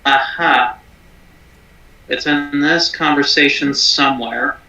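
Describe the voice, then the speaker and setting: A man's voice: mid-range voice, steady tone, slow, bright, forceful tone, echoey room, far from the mic, a little hiss or hum, poor audio. A man hosting a reaction stream from a shed, chatting casually and swearing a lot. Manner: laid-back, swears a lot. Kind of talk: casual chat.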